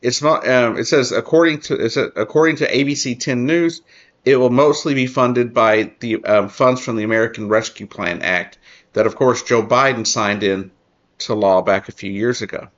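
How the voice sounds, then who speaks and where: A man's voice: medium pitch, a bit bright, highs cut off. A man hosting his own commentary show, reading an article aloud and adding earnest remarks, often restarting his sentences. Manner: earnest, halting, many restarts and fillers. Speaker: political commentary host.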